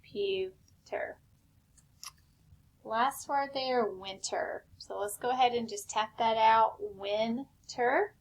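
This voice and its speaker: A woman teacher giving a recorded spelling lesson, slow and patient, step by step. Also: on the high side.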